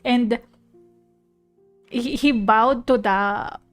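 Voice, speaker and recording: A woman's voice: on the high side, very slow. A young woman vtuber chatting casually about an anime she is watching, rambling and emotional with frequent restarts. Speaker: vtuber streamer. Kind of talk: casual chat reacting to an anime. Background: soft piano music.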